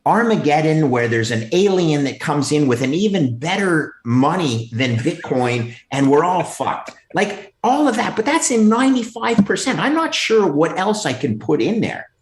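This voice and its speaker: A man chatting casually as a guest on a video call, emphatic and animated. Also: a little high, moderate pace, few pauses, echoey room. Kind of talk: casual chat.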